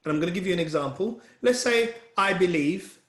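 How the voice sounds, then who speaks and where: A man with a fairly high voice gives an earnest motivational talk and keeps turning to his listeners to encourage them. His voice carries a noticeable echo from the room. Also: expressive, fairly quick. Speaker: wellbeing speaker leading a session.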